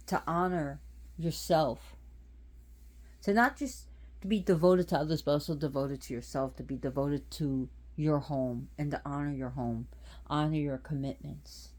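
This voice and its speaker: A woman's voice: low-pitched, a little mellow. A woman hosting her own channel, giving a casual, rambling talk about a goddess. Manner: rambling, repeats and restarts phrases. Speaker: channel host.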